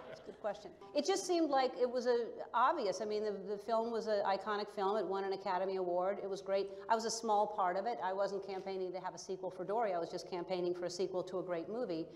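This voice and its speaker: A woman answering press questions on a panel in a relaxed, joking way. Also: mid-range voice, brisk, a little hiss or hum. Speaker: voice actor on a panel. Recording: long hall reverb.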